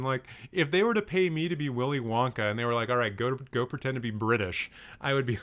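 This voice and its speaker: A man's voice: medium pitch, fast talker, a bit bright. A young man hosting casual reaction commentary, joking sarcastically and swearing now and then as he reacts to clips. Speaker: film commentary host.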